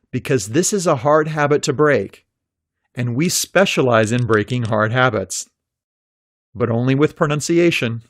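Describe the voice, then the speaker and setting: Male narrator for a pronunciation lesson: slow and deliberate, holds out example sounds, dry close-mic read. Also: mid-range voice, no room sound. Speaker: pronunciation teacher. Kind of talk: scripted instructional narration.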